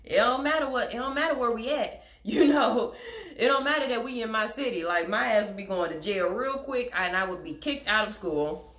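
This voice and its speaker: A woman's voice: on the high side, animated, moderate pace, a bit bright. A young woman in a casual storytime vlog, candid and chatty, with frank swearing and wry laughs. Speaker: vlogger telling a personal story. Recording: echoey room.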